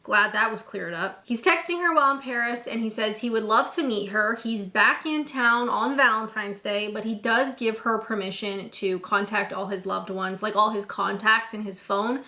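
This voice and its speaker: A woman's voice: medium pitch, normal speed, hardly any pauses, sharp tone. A young woman hosting a casual movie recap, sarcastic and snarky in her commentary.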